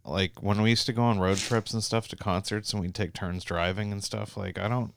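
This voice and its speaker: Low, smooth-voiced man telling rambling stories. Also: steady tone, fairly quick, no echo. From Canada. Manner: rambling storyteller, lots of "like" and restarts, swears freely. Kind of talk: casual chat.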